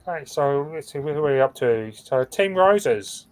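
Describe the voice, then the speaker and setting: A man with a fairly high, expressive voice speaks a little slowly while co-hosting a casual livestream over a video call. He reads through the team standings and stumbles over some of the names.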